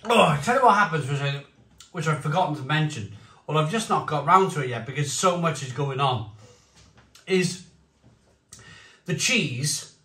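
A man reviewing beer and cheese on his channel, rambling excitedly, with bursts of shouting. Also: fairly high pitch, moderate pace, pauses often, reverberant, far from the mic. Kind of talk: enthusiastic tasting vlog.

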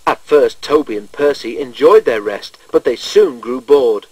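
A man reading a children's railway storybook aloud in a measured, gentle storytelling manner. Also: mid-range voice, expressive, slightly rough, no room sound, low-quality recording. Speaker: narrator.

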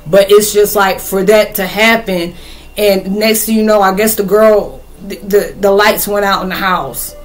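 A woman recapping a movie in a casual, rambling vlog, animated and slangy, breaking into loud outbursts. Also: mid-range voice, a little slow. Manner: slangy, folksy phrasing. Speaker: spiritual vlogger.

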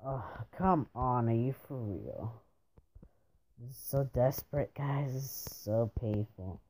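A man's voice: medium pitch, big pitch swings, slow pace, warm tone. A young man commenting on his own gameplay, frustrated and repeatedly exclaiming and groaning at his failures. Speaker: gamer. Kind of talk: gaming commentary. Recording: dull lo-fi home mic with faint hiss.

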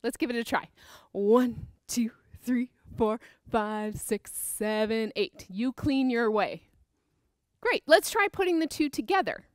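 A woman's voice: fairly high pitch, expressive, slow pace, no echo, clean studio sound. A woman teaching a creative movement dance class for children, upbeat and encouraging as she counts out the moves. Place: dance studio with a piano.

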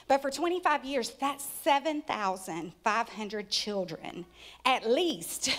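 A woman's voice: fairly high pitch, a bit bright. A woman speaking to a church congregation, giving an encouraging introduction for a guest speaker. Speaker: ministry representative. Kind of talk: church announcement. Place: church sanctuary.

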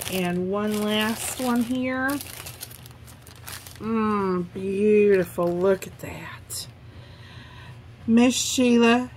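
A woman's voice: medium pitch, slight background noise. A woman hosting a craft channel, chatting casually and gushing over handmade cards she was sent. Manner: gushing, effusive. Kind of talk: casual unboxing chat.

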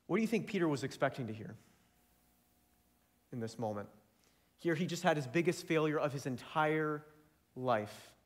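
A man's voice: fairly high pitch, animated, normal speed, long pauses. Earnest young man preaching a sermon. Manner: earnest, rising to fervent emphasis.

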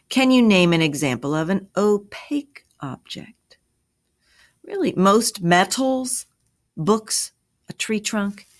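A woman teacher reading a story aloud, then asking and answering review questions in a clear, measured way. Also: on the low side.

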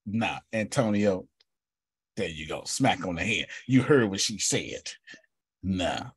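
Husky low-voiced man teaching bluntly. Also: lively intonation, takes it slowly, no echo, studio quality. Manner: blunt, joking, calls on listeners by name. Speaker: teacher and coach. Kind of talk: lively teaching session with a group. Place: online group video call.

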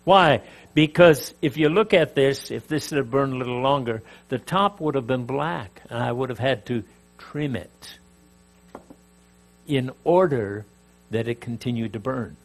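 A man's voice: medium pitch, unhurried, creaky. An older man from Canada teaching a sermon, emphatic, rising and dropping in volume, with asides and jokes to his audience. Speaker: preacher.

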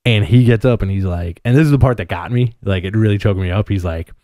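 A man with a lowish voice co-hosts a casual comics podcast, drifting through long stories full of "like" and "you know." He is from New York and sounds close to the mic in a dry room. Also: fast, dark tone, dry recording. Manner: rambling, filler-heavy storytelling. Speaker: podcast co-host. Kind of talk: casual chat.

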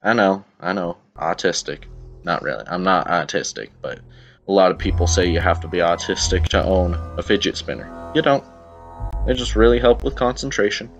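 Chatty low-voiced Southern young man. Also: animated, normal speed, soft background music. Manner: rambling, chatty, self-interrupting. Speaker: gameplay YouTuber. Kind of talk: casual let's-play commentary. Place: at home. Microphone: computer camera mic.

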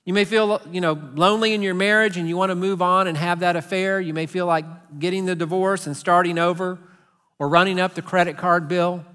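A man's voice: high voice, steady tone, brisk, fairly bright tone, clear, resonant tone. A middle-aged man with a Texan accent preaching a sermon as pastor, earnest and conversational, sometimes acting out voices for humor. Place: large church sanctuary. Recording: long hall reverb.

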